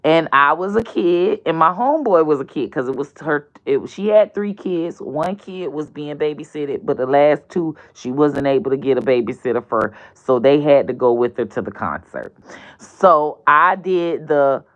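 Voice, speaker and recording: A woman host telling a storytime on her show, animated and profane, swinging from loud outbursts to near-whispers. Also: sits low, moderate pace, dull audio. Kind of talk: casual storytime vlog.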